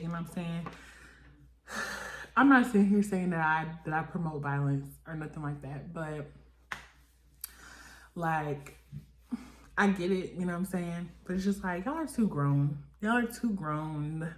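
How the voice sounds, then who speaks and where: A woman recapping a reality TV episode in casual chat, acting out the cast's lines with big jumps in pitch. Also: a little slow, roomy sound. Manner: animated, acts out quotes with lively pitch jumps.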